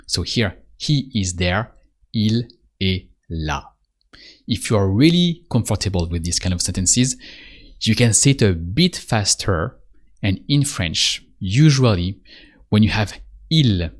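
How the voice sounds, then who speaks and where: A man giving a spoken language lesson, patiently repeating prompts and pausing for the listener to answer. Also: fairly low pitch. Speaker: French teacher.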